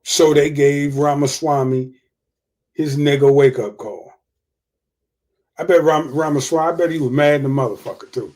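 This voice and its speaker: A man's voice: a little high, moderate pace, long pauses, a little mellow. A man hosting a livestream of casual political commentary, profane and repeating his points for emphasis. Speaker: livestream host.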